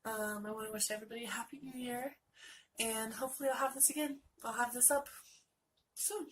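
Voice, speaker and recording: A woman's voice: a little high, fairly even intonation, fast, a little hiss or hum, low-quality recording. A woman in her late twenties, a vlogger, telling a story to camera in a rambling, chatty way and acting out what others said, congested from a sinus infection. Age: late 20s. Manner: chatty, rambling, acts out quoted people.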